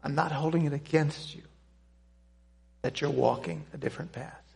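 An older man telling a personal testimony to a church audience, speaking in an earnest, halting way with pauses and restarts. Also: a little high, fairly even intonation, creaky. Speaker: Christian speaker giving a testimony.

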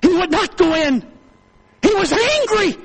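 Fervent male preacher, very high gravelly voice, builds his sermon with repetition and rising shouts. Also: animated, a little slow, slight background noise, poor audio.

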